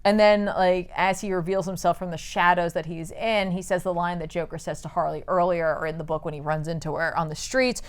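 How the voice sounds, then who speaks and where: A woman's voice: on the low side, fairly even intonation, clean tone. A woman hosting a casual podcast, retelling a comic's plot in a chatty way, full of "like" and "you know", now and then snapping into characters' lines. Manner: acts out characters' lines in quick bursts. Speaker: podcast host recapping a comic. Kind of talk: casual chat, retelling a story.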